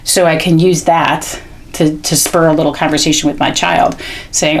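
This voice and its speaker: A woman's voice: low voice, fairly even intonation, gravelly. A woman teaching parents how to read aloud to children, chatty and explanatory with frequent "um" and "okay?" check-ins. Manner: reads sample text slowly with stressed words. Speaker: literacy educator. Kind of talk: instructional video demonstrating read-alouds.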